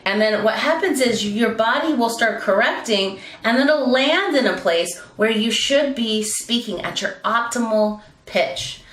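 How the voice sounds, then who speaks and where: A woman's voice: expressive, a little slow, hardly any pauses, fairly bright tone, recorded from a distance. Woman coaching voice in an echoey room. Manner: demonstrates voices, jumps between very high and low pitch. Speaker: speaking coach. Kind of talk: instructional talk with vocal demonstrations.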